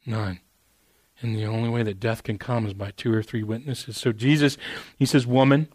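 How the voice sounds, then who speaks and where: A man preaching a sermon in a casual, earnest way, dropping "man" into his sentences and moving from hushed stretches to raised, emphatic ones. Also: medium pitch, steady tone, moderate pace, breathy edge, dry recording. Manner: conversational and earnest, with repeated "man"; swings from quiet intimate passages to raised emphatic ones. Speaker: pastor.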